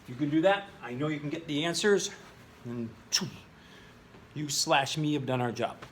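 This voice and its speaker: A male chemistry teacher recording a lesson at a whiteboard in his classroom, playful and jokey, often jumping into high exclamations. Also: fast talker, slight background noise. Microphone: camera in the room.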